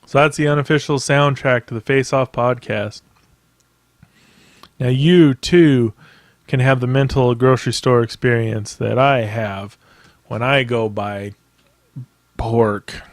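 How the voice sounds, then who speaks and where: A man's voice: mid-range voice, unhurried, no echo, clean studio sound. A man hosting a podcast by himself, ranting in a casual, rambling way with plenty of profanity and emphatic asides. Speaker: podcast host. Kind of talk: casual solo podcast rant.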